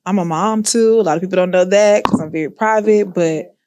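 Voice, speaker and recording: A woman in her thirties from Houston, a shoe designer talking as a podcast guest, laid-back and quick to laugh. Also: mid-range voice, darkish tone, no echo. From Houston, Texas. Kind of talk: casual chat.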